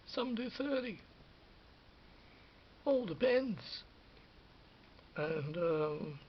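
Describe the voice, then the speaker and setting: A vlogger of about fifty recalls his film work in a casual, rambling monologue, restarting often and suddenly dropping to a whisper. His voice sits on the high side with vocal fry, and the dull lo-fi recording carries a little hiss or hum.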